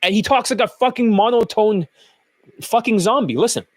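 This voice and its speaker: Blunt, profane man with a higher voice. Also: moderate pace. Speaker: dating coach and channel host. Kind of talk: ranting commentary over clips.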